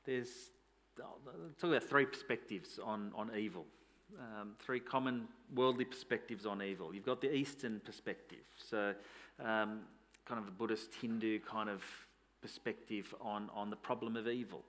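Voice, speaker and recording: A man's voice: fairly low pitch, fairly even intonation, normal speed, fairly bright tone. A man, a pastor preaching a sermon in a conversational way, asking rhetorical questions.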